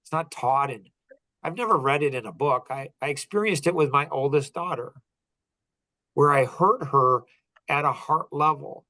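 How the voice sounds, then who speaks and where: A man's voice: a little high, moderate pace, pushed and bright, no echo. A middle-aged man hosting a podcast, telling a personal story in an earnest, heartfelt way, often restarting his sentences. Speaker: podcast host.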